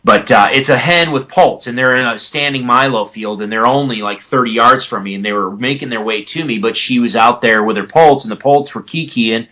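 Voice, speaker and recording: A man's voice: mid-range voice, brisk, hardly any pauses, bright, forceful tone, poor audio. A man casually explaining turkey calls on a podcast, now and then mimicking yelps with his own voice. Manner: conversational, self-correcting.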